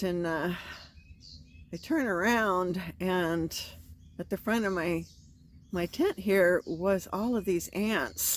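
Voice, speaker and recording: A woman vlogging from inside a screen tent at a campground, telling her story in a chatty, self-encouraging way. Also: fairly low pitch. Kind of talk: casual chat.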